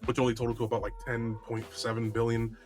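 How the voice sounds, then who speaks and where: A man co-hosting a gaming podcast in casual chat, excitable, jumping in with facts and lots of fillers. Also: medium pitch, fast talker, faint music behind. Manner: excitable, interrupts with trivia, many fillers. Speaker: podcast co-host.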